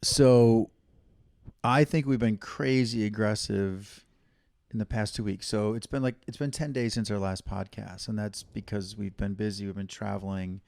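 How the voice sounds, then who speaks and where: Middle-aged male co-host, low gravelly voice, teasing and jokey. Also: fairly even intonation, normal speed, a little mellow, no room sound. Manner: joking, teasing, playful. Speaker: podcast co-host. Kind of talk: casual couple's chat.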